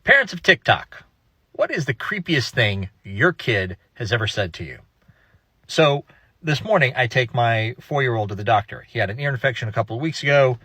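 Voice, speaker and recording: A man's voice: medium pitch, lively intonation, normal speed, bright, forceful tone, husky, no room sound. A man, a father, telling a story in a casual way and building suspense.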